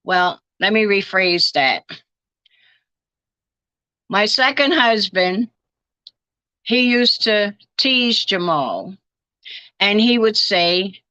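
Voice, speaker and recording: A woman's voice: medium pitch, lively intonation, very slow, pauses often, bright, forceful tone, clear, resonant tone, dry recording. An older woman being interviewed, telling family stories and acting out the lines people said. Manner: storytelling, acting out quoted dialogue. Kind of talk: reminiscing interview.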